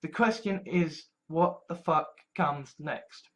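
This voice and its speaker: Brief: man, fairly high-pitched voice, profane exasperated vlog rants. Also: slow, noisy background. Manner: heavy swearing, exasperated rants. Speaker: vlogger. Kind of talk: ranting monologue.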